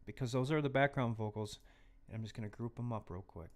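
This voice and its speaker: A man hosting a live stream who teaches music mixing in a chatty, casual way and often drops into quiet muttered asides while he works. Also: mid-range voice, fast. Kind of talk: casual live tutorial talk.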